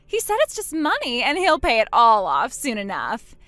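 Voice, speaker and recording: A smug, cruel younger sister, played by a woman, gloats in a high, lively voice that swoops up into mocking peaks. She taunts in a sing-song way, savoring every jab. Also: normal speed, no room sound. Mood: gloating.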